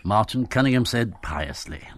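Brief: male narrator, low and lively in pitch, measured literary narration. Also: no room sound. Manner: measured, descriptive. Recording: noisy recording.

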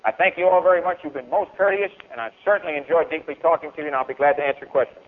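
A man speaks to a lecture hall in a declamatory, emphatic way, his voice pitched a little high. He swings between loud outbursts and low, pressing asides. The old recording is thin and tinny, as if heard down a phone line. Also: very fast, slight background noise. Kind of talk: public speech and Q&A.

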